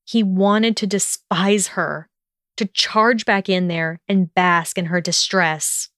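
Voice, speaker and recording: A woman narrating a story in a steady, even storytelling manner. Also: lowish voice, slow, no echo, clean studio sound. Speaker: audiobook narrator. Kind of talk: scripted narration of fan fiction.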